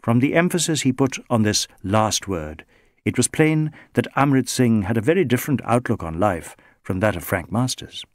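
Man narrating with lively intonation. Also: medium pitch, normal speed, dry recording, clean studio sound. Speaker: audiobook narrator. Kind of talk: scripted narration.

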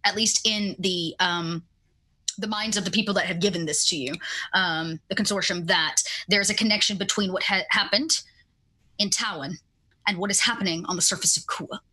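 Bright-voiced woman game master. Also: medium pitch, normal speed, husky. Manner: relaxed, many fillers, shifting pace. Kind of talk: narrating a tabletop game.

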